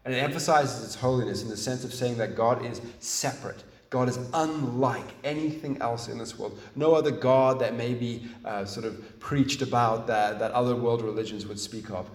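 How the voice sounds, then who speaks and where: A man preaching a sermon in an earnest, emphatic way, restarting phrases and pausing as he thinks. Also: medium pitch. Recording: echoey room, mic at a distance.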